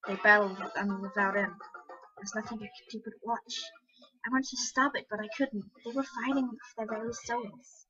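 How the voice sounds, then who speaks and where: A woman reads a story aloud in a bright, clear-toned voice, stumbling now and then. The recording is dull and lo-fi, with faint music in the background. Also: fairly high pitch, fairly even intonation, moderate pace. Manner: casual, some stumbles and fillers. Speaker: narrator. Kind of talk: amateur reading of a story aloud.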